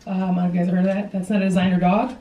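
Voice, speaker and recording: A woman's voice: on the low side, little pitch movement, fast. A woman hosting a stand-up comedy show on a theater stage, chatty and self-mocking. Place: theater stage with live audience. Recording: roomy theater sound from a distance, loud audience.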